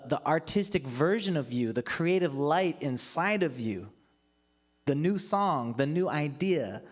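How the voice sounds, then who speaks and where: Casual pastor type, storytelling sermon, laughs often between lines. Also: male voice, medium pitch. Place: church livestream.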